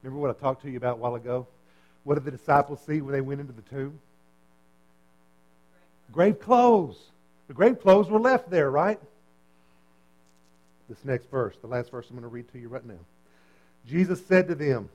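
A man preaching a sermon in a conversational, animated way, repeating phrases, checking in with his listeners and acting out the voices in the story. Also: medium pitch, moderate pace, pauses often. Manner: animated, repetitive, acts out voices. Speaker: pastor.

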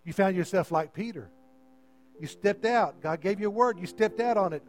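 A man's voice: high voice, moderate pace. A male pastor preaching an impassioned sermon into a handheld microphone in a church, pleading with his listeners. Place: church sanctuary.

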